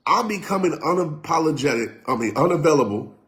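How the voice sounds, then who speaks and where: A man's voice: fairly high pitch, animated, brisk. Emphatic man preaching to live viewers. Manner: preaching, emphatic and repetitive, sometimes shouting; talks directly to live viewers. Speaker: motivational speaker. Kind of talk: live-streamed motivational talk.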